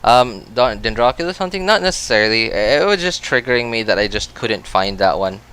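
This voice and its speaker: A Filipino game streamer from the Philippines with an American accent chats with his viewers during a gameplay livestream, reacting aloud and answering chat. His mid-range voice is smooth and a bit bright, with lively intonation and a slightly fast pace.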